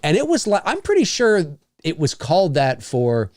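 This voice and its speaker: A middle-aged man from Canada chatting casually as a podcast co-host, with a slightly high voice. He rambles, circles back on himself and lands his points bluntly. The sound is dry and close to the mic. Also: huge pitch swings, normal speed, darkish tone, no echo. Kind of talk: casual chat.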